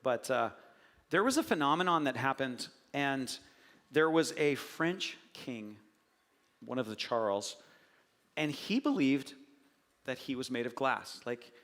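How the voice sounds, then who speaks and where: A middle-aged man preaching a conversational sermon as a pastor, animated and joking as he tells stories with acted asides. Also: medium pitch, a little slow, long pauses. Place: church sanctuary. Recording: church hall reverb.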